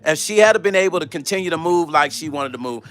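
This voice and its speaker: A middle-aged man hosting a casual live stream, telling gossipy stories in an animated way, swearing and reading out chat comments. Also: a little high, fast. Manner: animated, swearing, acts out quoted voices, talks to chat.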